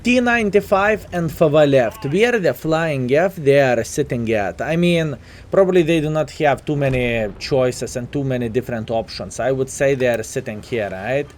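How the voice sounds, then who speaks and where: Sounding a touch sleepy, a Lithuanian-accented gaming commentator, Lithuanian by birth, gives loose live commentary on his play and addresses viewers as "fellas." He speaks at medium pitch and normal speed, with a little hiss or hum on the recording.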